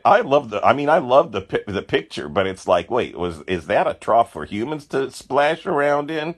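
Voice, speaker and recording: A man, a painter, chatting casually about his artwork. He rambles through excited stories full of asides and exclamations. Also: mid-range voice, moderate pace, hardly any pauses. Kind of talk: casual chat.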